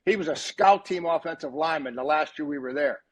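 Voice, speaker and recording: A retired football coach, now a podcast guest, tells casual stories at a brisk clip. His older voice is husky, a touch hoarse, and pitched slightly higher than most men's, and he animatedly performs the dialogue he quotes.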